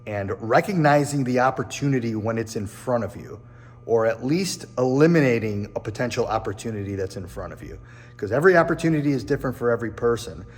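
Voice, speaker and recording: A man with a fairly low voice hosts his own show from a machine shop, giving a casual, personal, reflective talk to camera and often restarting or repeating phrases. He works in real estate, and his voice carries a long reverb tail.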